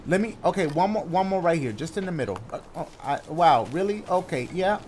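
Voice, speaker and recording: A man giving excitable, jokey let's-play commentary, slangy and talking to himself as he plays. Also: on the high side, fairly quick, a little hiss or hum. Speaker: gaming YouTuber. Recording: game music under the voice.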